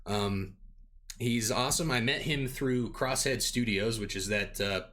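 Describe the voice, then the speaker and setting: A man's voice: mid-range voice, unhurried, fairly bright tone. A young man running a tabletop game, chatting casually and upbeat with many fillers. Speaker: game master.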